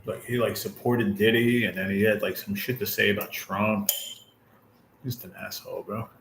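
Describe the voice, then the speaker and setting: A man in his forties runs a channel and talks casually straight to his stream's viewers and chat, unloading blunt frustrations and swearing often. His voice is on the low side, creaky and fairly bright, with fairly even intonation, a moderate pace and slight background noise.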